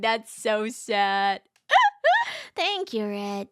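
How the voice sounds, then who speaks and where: A woman streamer reading a story aloud and reacting in casual chat, animated and giggly, often laughing. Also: high voice, moderate pace, clear, resonant tone, dry recording, studio quality. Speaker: VTuber streamer.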